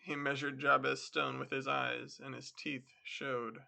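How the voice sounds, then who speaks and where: A man hosting a podcast, reading a classic story aloud in a steady storytelling manner. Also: mid-range voice, unhurried, creaky. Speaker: podcast host and story reader. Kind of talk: literary reading.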